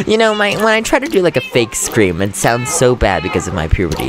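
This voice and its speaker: A man's voice: mid-range voice, sing-song, normal speed, background noise. Goofy young man playing a game. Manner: goofy, chatty, giggles often; jumpy, nervous about threats. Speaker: gaming channel host. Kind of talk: Let's Play commentary.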